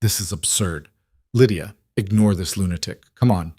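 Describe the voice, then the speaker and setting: A man's voice: sits low, normal speed, breathy edge, no echo, clean studio sound. A man voicing a stern, scandalized older woman who scolds and orders people about. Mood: disgusted. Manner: sharp, scolding.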